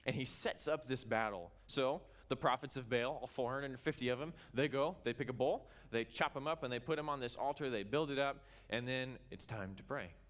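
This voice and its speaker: A pastor from Kansas preaching a sermon in church, retelling a scripture story with animated storytelling and acting out its characters. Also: male voice, medium pitch, brisk, hardly any pauses.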